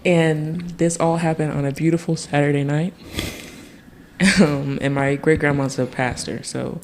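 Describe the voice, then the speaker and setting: A young man from Tennessee, a podcast guest, telling a childhood story in a casual, animated way, laughing and acting out other people's voices. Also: a little high, a little slow, a little hiss or hum.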